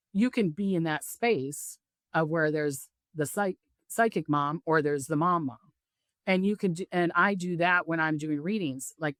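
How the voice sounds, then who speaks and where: In a dry, studio-quality recording, a middle-aged woman with a low voice gives a casual spiritual interview as a psychic medium guest. She imitates the voices of the people she quotes as she talks.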